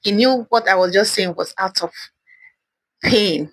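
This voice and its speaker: A woman's voice: mid-range voice, measured pace, no echo. A woman host telling her own story of losing a loved one in an earnest, emotional monologue, often repeating words as she speaks. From Africa. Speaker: channel host sharing personal story. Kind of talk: personal testimony monologue.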